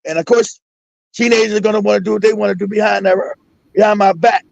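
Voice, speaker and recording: Gravelly, high-voiced man ranting profanely. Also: steady tone, fast, a little mellow, no echo. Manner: profane, emphatic, repetitive. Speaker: host. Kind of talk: casual talk-show rant. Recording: dull lo-fi sound.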